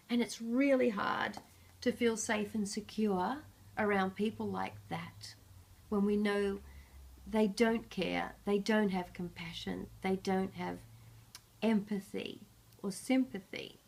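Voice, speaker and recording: A woman's voice: medium pitch, measured pace, vocal fry, darkish tone. A woman psychic reading oracle cards and books for a viewer, in an earnest, reflective way with light laughs. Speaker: psychic reader.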